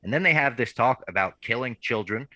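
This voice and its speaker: A man's voice: medium pitch, lively intonation, a little fast, pushed and bright, no echo. A man hosting a podcast, recapping a TV episode in a laid-back, casual way. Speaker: podcast host.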